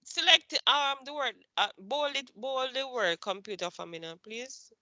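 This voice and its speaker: A woman teaches a computer class in a bright, forceful voice, recorded close and dry. She questions her students patiently and repeats each point until it lands. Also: sits high, animated, moderate pace, no echo.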